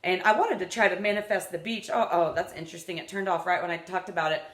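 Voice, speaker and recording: A woman's voice: lowish voice, quick pace, a bit bright. A woman in her thirties talking casually to her vlog audience, rambling, upbeat and earnest. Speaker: vlogger. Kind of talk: unedited casual vlog talk. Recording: echoey room.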